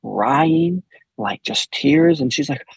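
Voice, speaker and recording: Gravelly man telling a candid story. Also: fairly high pitch, lively intonation, takes it slowly, dry recording, rough recording. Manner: candid, laughs often, many restarts. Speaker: podcast guest.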